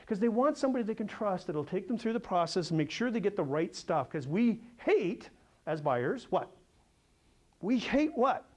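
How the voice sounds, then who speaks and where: High-voiced, energetic male sales coach. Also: moderate pace. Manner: energetic, animated storyteller who quizzes the audience. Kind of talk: seminar talk to a live audience.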